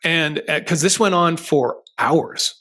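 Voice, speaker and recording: A middle-aged podcast host, interviewing a guest, tells a personal story in an earnest, rambling manner with many restarts. His voice is on the high side, bright and forceful, and he speaks at a slow pace.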